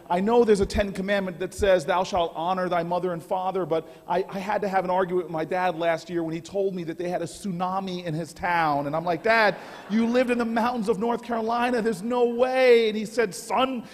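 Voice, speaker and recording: A man's voice: sits high, darkish tone. A man giving a keynote speech at a dinner, telling stories with humor and building into impassioned oratory. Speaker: keynote speaker. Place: banquet hall. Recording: long reverb of a large hall.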